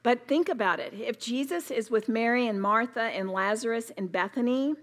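Woman giving a sermon at a retreat, kinda high voice, emphatic, repeats stuff for stress. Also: normal speed, a bit bright. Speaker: women's retreat speaker.

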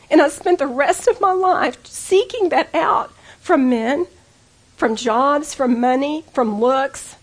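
A woman's voice: high-pitched, slow pace. A woman giving an earnest personal testimony sermon to women, storytelling intimately and pleading with the listeners. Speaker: women's speaker.

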